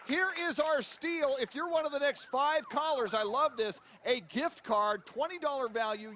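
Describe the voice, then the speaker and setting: A man's voice: very high-pitched, bright, forceful tone, a little hiss or hum. A man hosting a phone-in segment on a live television fundraiser, joking playfully and squawking bird calls between his lines.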